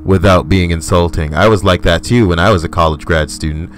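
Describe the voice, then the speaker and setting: A young man with a deep, low voice tears into crude comedic commentary. He is loud, profane and emphatic, and he rants at the listener while soft music plays underneath. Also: brisk. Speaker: host reading stories.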